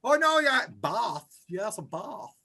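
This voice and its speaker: A man's voice: very high-pitched, sing-song, slow pace, vocal fry, crowd noise. An older man, rambling chattily as a guest on a video call.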